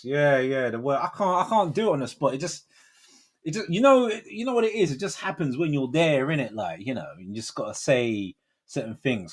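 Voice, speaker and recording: A man's voice: mid-range voice, lively intonation, fairly quick, slightly rough. A man in his forties hosting a livestream, chatting casually in slangy, rambling talk with frequent laughs. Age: 40s. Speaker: livestream host. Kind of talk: casual chat.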